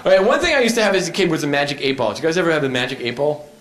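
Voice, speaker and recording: A man performing stand-up comedy, telling stories in a lively, conversational way at a live venue. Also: fairly high pitch, rapid-fire, reverberant, slight background noise.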